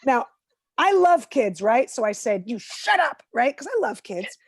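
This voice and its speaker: A woman doing stand-up over a video call, her voice pitched high and swinging widely as she tells exasperated stories. The sound is dry and close, with no room around it. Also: normal speed, no echo. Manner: exasperated, animated storytelling with acted quotes. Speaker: headlining comedian.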